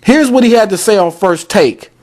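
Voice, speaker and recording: A man's voice: sits high, animated, normal speed, darkish tone. A man hosting a sports talk podcast, ranting bluntly and calling out directly to fans. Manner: fired-up, addresses fans directly; blunt, repetitive scolding. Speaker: podcast host.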